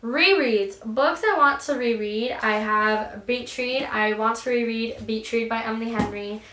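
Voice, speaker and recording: A woman chatting casually in a book vlog, gushing and animated, with many fillers and restarts. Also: on the high side, a little slow, reverberant, far from the mic, slight background noise. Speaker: book vlogger.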